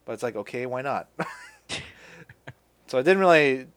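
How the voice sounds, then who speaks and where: A man hosting a casual podcast, recapping a film in a loose, rambling way. His voice sits at an ordinary middle pitch. He stumbles and restarts often and swears offhandedly as he goes. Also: lively intonation, normal speed, clean tone. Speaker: podcast host. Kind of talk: casual chat.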